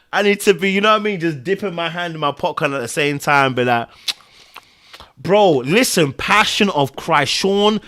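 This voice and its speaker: A man, hosting a casual live-stream podcast chat with viewers. He talks emotionally and repeats phrases for emphasis. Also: sits high. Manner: swings between loud exclamations and hushed, drawn-out murmurs. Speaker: podcast host.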